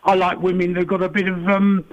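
A man's voice: sits high, completely flat delivery, fairly quick, dull audio. Rambling older man, slightly slurred. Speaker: phone-in caller. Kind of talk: casual chat.

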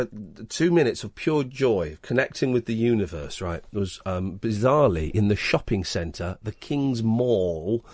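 A man hosting late-night radio, telling long rambling stories full of jokes and restarts. His pitch rises and falls a great deal as he talks. The studio sound is dry and close. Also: darkish tone, no echo. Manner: rambling, jokey, self-interrupting. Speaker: radio show host.

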